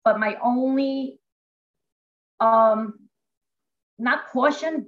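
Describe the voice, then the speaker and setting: Chatty teacher woman, fairly high voice. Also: dull audio. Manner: animated, chatty, explains step by step. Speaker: classroom teacher. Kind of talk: informal teaching demonstration. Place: at home.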